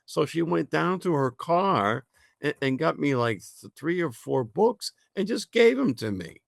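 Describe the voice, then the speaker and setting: A man talking as a guest in a casual radio interview, halting, with many fillers and restarts. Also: a little high, big pitch swings, gravelly, no room sound, clean studio sound. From United States. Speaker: guest, natural health college founder.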